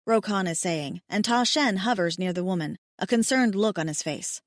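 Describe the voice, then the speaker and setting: A woman narrating a first-person romance audiobook in an expressive, intimate manner. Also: medium pitch, normal speed, few pauses, no room sound, clean studio sound.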